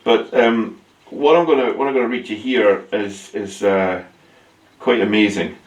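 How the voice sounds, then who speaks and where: A man's voice: lowish voice, measured pace, highs cut off. A man hosting a ghost-story show, telling the tale and interviewing with many hesitations and restarts. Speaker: host. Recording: roomy sound from a distance.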